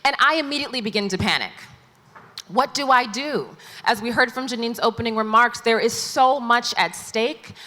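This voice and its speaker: Woman panel moderator, chatty and playful, bright voice, long hall reverb. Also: fairly high pitch, brisk, few pauses. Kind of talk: live panel introductions. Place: large conference hall stage.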